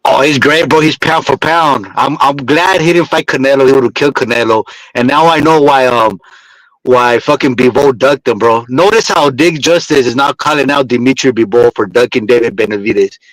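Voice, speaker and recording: A man's voice: mid-range voice, normal speed, fairly bright tone, no echo, low-quality recording. Teasing, rambling man in a dry room. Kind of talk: casual boxing chat.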